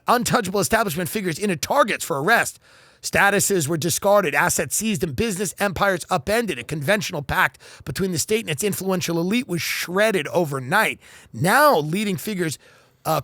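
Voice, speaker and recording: Man, high voice, swooping lively pitch, sarcastic comedic riffing, dry close sound. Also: no room sound. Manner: sarcastic, mock-earnest riffing with sudden voice swings. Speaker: podcast host. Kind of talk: comedic commentary reading news aloud.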